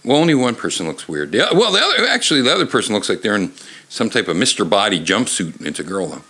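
A man in his fifties reads a picture book aloud and rambles through the pictures, cracking jokes and stumbling over words. His voice sits low yet sounds bright and sharp. His pitch swings widely as he talks. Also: very animated, breathy edge. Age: 50s. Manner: joking, halting, lots of fillers. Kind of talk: rambling read-aloud with commentary.

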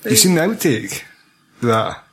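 Scottish man, husky, sweary, rambling, laughing, casual film chat. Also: on the high side, big pitch swings, measured pace.

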